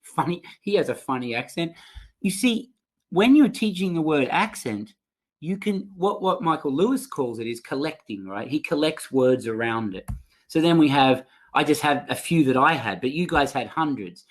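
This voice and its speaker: Man, teacher trainer, upbeat online webinar, reacts to viewer chat, a bit high voice, computer mic. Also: normal speed. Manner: upbeat, reacting to typed chat answers, lively asides.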